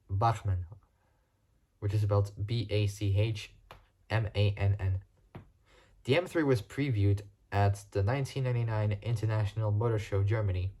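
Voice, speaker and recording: Low, mellow man reading car facts haltingly. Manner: halting reading with frequent restarts and spelled-out words. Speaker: car video creator. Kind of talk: reading car facts aloud, casual vlog.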